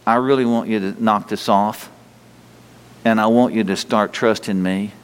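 Middle-aged male preacher, folksy, full of rhetorical questions, reverb from a large hall. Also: medium pitch. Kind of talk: sermon.

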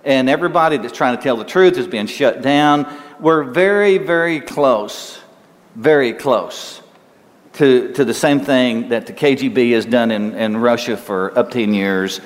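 A man's voice: medium pitch, normal speed, hardly any pauses. An older man preaching a sermon in a conversational, folksy way, repeating words as he goes. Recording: long hall reverb.

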